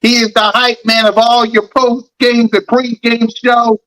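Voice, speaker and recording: A man's voice: very high-pitched, level tone, measured pace, a bit bright, rough recording. A man rants about football on a podcast. He hammers his points again and again, fired up and blunt. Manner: fired-up, repetitive ranting. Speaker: podcast host. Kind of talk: heated sports podcast rant.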